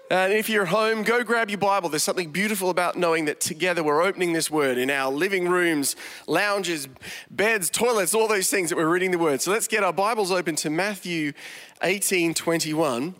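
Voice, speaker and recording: High-voiced, animated preacher, lively storyteller reading scripture; reverberant hall. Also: male voice, normal speed. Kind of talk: online sermon with Bible reading.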